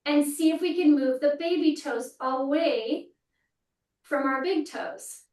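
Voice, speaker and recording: Woman movement coach, high voice, guiding exercises from across an echoey room. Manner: calm, step-by-step cueing while demonstrating. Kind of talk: guided exercise instruction. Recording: roomy, mic at a distance.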